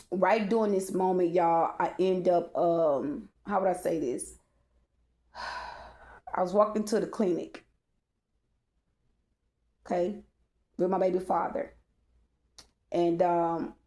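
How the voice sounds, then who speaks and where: A woman's voice: fairly low pitch, creaky, dark tone. Woman, casual storytime monologue, rambling, fillers, talks to her audience, profane. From Texas.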